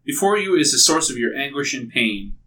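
A man's voice: mid-range voice, sing-song, fairly quick, pushed and bright, distant mic, rough recording. A man voicing a proud scheming queen addressing a crowd in a grand, declaiming speech. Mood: grandly solemn.

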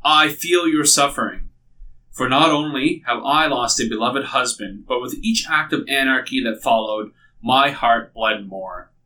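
A man's voice: mid-range voice, unhurried, pushed and bright, distant mic, poor audio. A man voicing a proud scheming queen addressing a crowd in a grand, declaiming speech. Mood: grandly solemn.

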